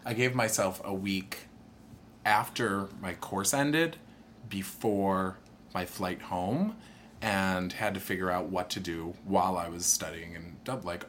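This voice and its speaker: A young man telling a long personal story in casual chat, animated and jumping into higher voices when he quotes people. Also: takes it slowly, slight background noise.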